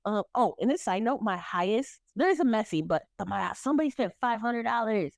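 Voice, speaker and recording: Lively woman telling a story. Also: a little high, fairly quick, gravelly, no room sound, clean studio sound. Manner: animated storytelling with acted-out quotes and laughs. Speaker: podcast co-host. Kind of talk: casual chat.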